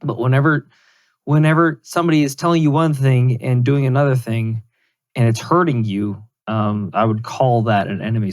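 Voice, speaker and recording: A man's voice: medium pitch, a little mellow. A man co-hosting a podcast, talking loosely and wryly about politics. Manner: wry, joking, loose and conversational. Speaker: podcast co-host. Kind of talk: casual political chat.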